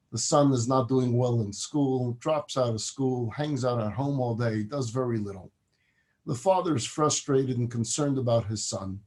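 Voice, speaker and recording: A man, a rabbi, telling a parable in a class and acting out its characters. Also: medium pitch. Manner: animated, acts out the parable's characters. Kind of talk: storytelling lecture.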